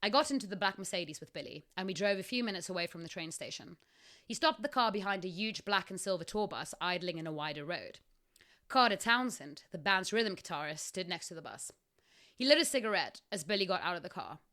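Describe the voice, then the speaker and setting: Bright-voiced woman reading her story aloud. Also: on the low side, expressive, brisk. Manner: laughs often, breaks off into asides. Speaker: podcast host and story narrator.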